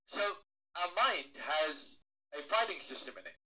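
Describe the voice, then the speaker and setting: Bright, lively male stage speaker. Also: on the high side, unhurried, low-quality recording. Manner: playful, questions the crowd, acts out little voices. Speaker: motivational speaker. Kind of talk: animated stage talk to a live audience.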